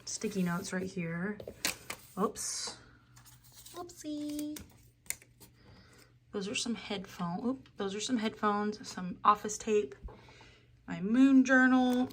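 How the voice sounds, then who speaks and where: A woman's voice: fairly low pitch, slight background noise. A young woman chatting casually through a room tour at home, interrupting herself and swearing offhand as she goes. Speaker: beauty vlogger. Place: home room being toured.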